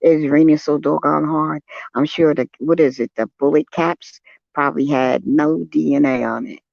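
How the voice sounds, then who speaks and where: An older man, a guest on a live stream, telling a personal account in casual chat, earnest and shaken, with soft affirming hums between thoughts. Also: on the high side, fairly even intonation, moderate pace, vocal fry, dry recording. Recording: dull, lo-fi, dry sound.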